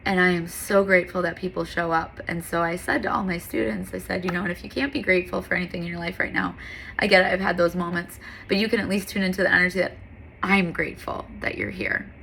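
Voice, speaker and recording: A woman's voice: lowish voice, fairly even intonation, quick pace, creaky, a bit bright, slight background noise. A woman yoga instructor talking in an earnest, candid, heartfelt monologue, with frequent fillers.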